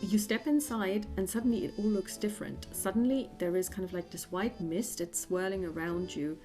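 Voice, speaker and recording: A woman narrates as the game master of a tabletop game, describing each scene in an unhurried, halting way. Her voice sits at a middling pitch, and soft music plays underneath. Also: steady tone. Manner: descriptive, with frequent fillers and restarts.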